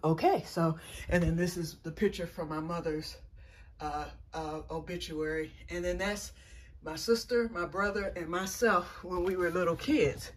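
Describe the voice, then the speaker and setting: Unhurried and lowish in pitch, this middle-aged vlogger tells meandering stories, stopping to correct herself along the way. Her speech is folksy and full of homespun turns of phrase, including "y'all."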